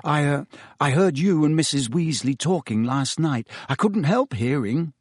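A man's voice: a little high, expressive, moderate pace, husky, dry recording, studio quality. A man voicing an earnest teenage boy wizard who keeps insisting he is fine.

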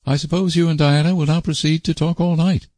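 A stern older woman with a dry, sarcastic edge, as a man puts her on while reading. Her voice is pitched well above the reader's natural one, close-miked and dry. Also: steady tone, brisk, darkish tone, no room sound, natural voice. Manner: sarcastic, clipped.

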